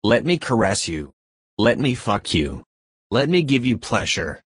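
A man voicing an adoring divine bridegroom in a devotional reading, slow and pleading, lingering on each phrase. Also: on the low side, sing-song, breathy edge, dry recording, clean studio sound, heavily acted. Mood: yearning. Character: adoring divine male bridegroom, yearning and tender.

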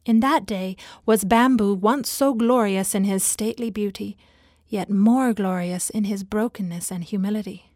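A woman narrating a fable in a soft, lyrical, often half-whispered reading. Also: mid-range voice, moderate pace, no echo, studio quality. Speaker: storyteller. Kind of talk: scripted narration.

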